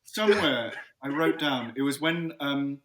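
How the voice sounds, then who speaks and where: A British actor guesting on a film podcast, making dry, wry remarks. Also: male voice, mid-range voice, animated, measured pace, over a noisy crowd. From Britain. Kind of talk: casual podcast chat.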